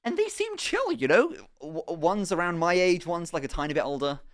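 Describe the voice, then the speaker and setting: A young man chats to his stream with a slightly high voice, swearing and restarting his sentences as he rambles through a story. He sounds animated and casual, stepping off into asides as he goes. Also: normal speed. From England. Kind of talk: casual storytelling to a live chat.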